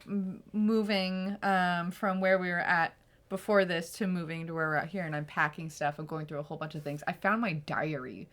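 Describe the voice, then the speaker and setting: A young woman co-hosting a podcast, telling a story in casual chat, animated and giggly, acting out quotes. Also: on the low side, moderate pace. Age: young adult. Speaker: podcast co-host.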